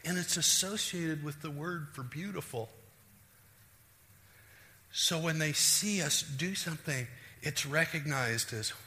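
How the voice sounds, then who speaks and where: Middle-aged pastor guy preaching, lively, acts out voices, goes loud then quiet, bright sharp voice, big echoey church. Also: fairly high pitch, unhurried, pauses often. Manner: animated, acts out quoted voices, shifts between loud and hushed. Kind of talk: sermon. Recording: reverberant hall.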